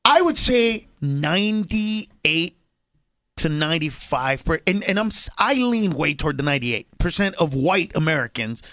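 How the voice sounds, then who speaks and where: A male comedian, a guest on a morning radio show, talking in an excitable, animated way and laughing as he goes. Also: a little high, a little slow. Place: radio studio.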